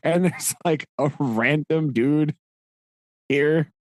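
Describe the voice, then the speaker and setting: A man's voice: a little high, takes it slowly, no echo. Chatty man on a dry close mic. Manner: rambling, laughs often, many "like" fillers. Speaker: podcast co-host. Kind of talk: casual chat recapping a book.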